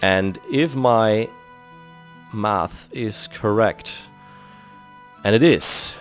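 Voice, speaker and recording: A man's voice: on the low side, drawn-out words. A man from Germany with a German accent, thinking aloud and explaining step by step as he builds in a game. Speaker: video game builder host. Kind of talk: casual commentary while building in a game. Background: faint background music.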